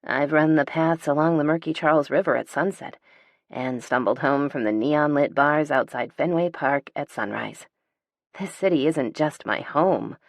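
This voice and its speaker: Woman reading a first-person audiobook: low voice, dry studio sound, wry and sardonic with pointed emphasis. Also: normal speed, no echo. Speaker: audiobook narrator.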